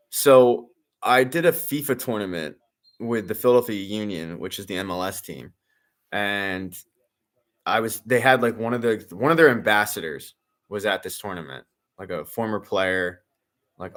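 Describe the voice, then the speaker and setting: A man's voice: on the low side, a little slow. A young man casually chatting and reacting during a live sports watch-along, rambling with lots of fillers and the odd curse. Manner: rambling, filler-heavy, excitable sports fan, swears. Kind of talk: casual live commentary and chat.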